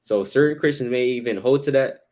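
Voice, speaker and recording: A man's voice: mid-range voice, fairly quick, a little mellow. A man co-hosting a casual Bible study discussion who talks loosely in slang and laughs often.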